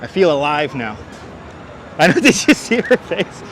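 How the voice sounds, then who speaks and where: A man's voice: on the high side, big pitch swings, unhurried, a bit bright. Joking man livestreaming on city streets. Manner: joking, sarcastic running commentary. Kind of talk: casual walking livestream. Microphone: wireless clip-on mic. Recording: outdoor traffic noise.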